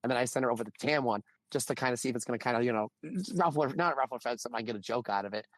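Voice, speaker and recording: A married man co-hosting a podcast, telling a long anecdote in casual chat and acting out the quotes with animated swings in voice. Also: mid-range voice, very fast, no echo. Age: adult, married. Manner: animated storytelling with acted-out quotes. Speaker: podcast co-host.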